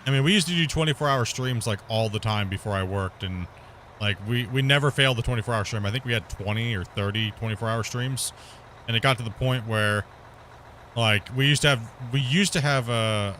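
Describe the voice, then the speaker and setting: A man's voice: mid-range voice, brisk, a bit bright, slight background noise. Rambling man chatting on a game stream. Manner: rambling, laughs often, swears casually. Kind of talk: casual chat during a live gameplay stream.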